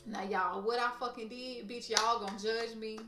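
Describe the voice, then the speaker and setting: A woman's voice: on the high side, steady tone, moderate pace, recorded from a distance. A woman vlogger telling a story in casual chat, blunt and profane, talking straight to her viewers. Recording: roomy echo, off-mic, faint music.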